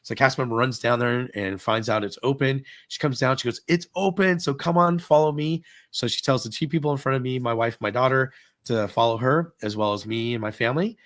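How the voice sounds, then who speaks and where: A middle-aged man casually telling a long story on a podcast, acting out what everyone said with lively shifts. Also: medium pitch, fast, dry recording. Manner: animated retelling, acting out dialogue.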